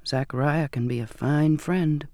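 A man reading an audiobook and voicing a soft-spoken, unsettling old sailor with a slow, courtly manner. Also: fairly high pitch, dry recording, clean studio sound. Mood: soft, coaxing. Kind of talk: audiobook character voice.

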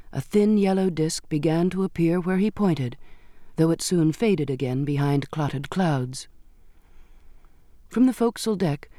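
A man narrating an audiobook in a measured, expressive storytelling manner. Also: fairly high pitch, no room sound, clean studio sound. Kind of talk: scripted narration.

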